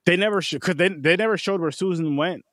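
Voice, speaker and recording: A man's voice: high-pitched, quick pace, a bit bright, no room sound, clean studio sound. A man chatting casually, giving blunt running commentary on a film and swearing often. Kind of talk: casual reaction chat.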